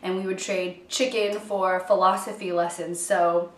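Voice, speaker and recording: A woman in her twenties gives a chatty, upbeat cooking demonstration in her kitchen, cracking self-deprecating jokes along the way. Her voice sits on the low side, with little pitch movement and a slightly slow pace. The home cook is recorded from a distance in a roomy kitchen, with faint guitar music in the background.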